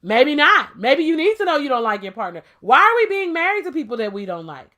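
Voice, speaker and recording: A woman's voice: high-pitched, sing-song, brisk, bright, forceful tone. A woman co-hosting a casual podcast debate, talking emphatically and playfully and firing off rhetorical questions. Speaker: podcast co-host.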